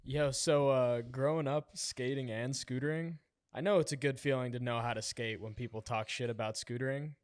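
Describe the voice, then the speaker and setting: A man's voice: mid-range voice, fairly even intonation, moderate pace, no room sound. A man hosting a podcast, asking questions in an easygoing, casual way. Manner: easygoing, laughs between questions. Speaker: podcast host. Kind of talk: casual interview chat.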